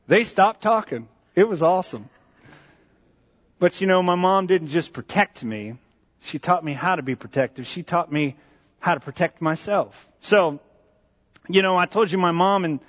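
A man with a fairly high voice preaches from a church stage, telling a personal story in an animated, repetitive way. His voice carries a long hall echo and sounds dull and muffled. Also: normal speed. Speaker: pastor. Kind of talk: sermon storytelling.

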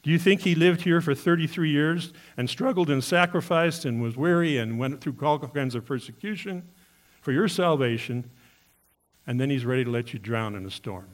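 A man's voice: on the high side, normal speed. A man preaching a sermon as a pastor, earnest and speaking straight to his listeners with many questions. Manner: earnest, asks the congregation questions.

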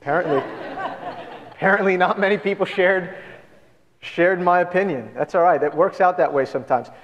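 A man's voice: high voice, fairly quick, dull audio. A man pastor giving an earnest, conversational sermon full of rhetorical questions to his church. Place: church sanctuary. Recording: long church hall reverb.

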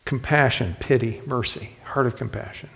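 A man's voice: mid-range voice, normal speed, gravelly, a bit bright, long reverb tail. A man preaching a sermon in a folksy storytelling manner, speaking directly to the men in the congregation. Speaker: pastor.

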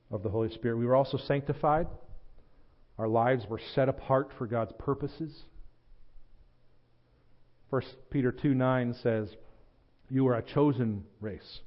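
A man's voice: medium pitch, highs cut off. Earnest Southern man preaching a sermon. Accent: Southern American. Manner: earnest, builds to emphatic, repeats words when stressing a point. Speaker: pastor.

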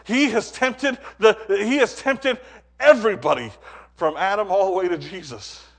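Animated preacher man, rising and falling. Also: high-pitched, moderate pace. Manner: animated, swings from quiet to loud and emphatic; repeats words when building a point. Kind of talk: sermon.

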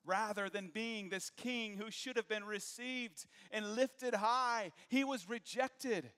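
A man preaching a sermon, moving from hushed, low passages to raised, emphatic ones. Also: steady tone, slow pace, clean tone, long reverb tail.

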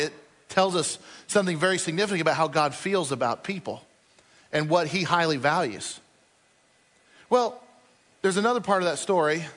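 Pastor, male, high voice, storytelling sermon that acts out its characters, long hall reverb. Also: a bit bright. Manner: storytelling, acting out quoted speakers.

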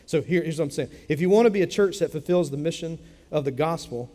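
A pastor preaches a sermon in a church sanctuary with a big-room sound, talking conversationally and repeating phrases for emphasis. His voice is on the high side, expressive, fast and dark in tone.

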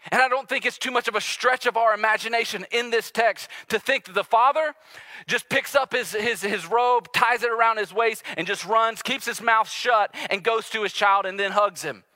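A male pastor preaching a sermon earnestly and confessionally, swinging between loud urgency and hushed intimacy. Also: sits high, normal speed, no room sound, studio quality. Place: church sanctuary with live and online audience.

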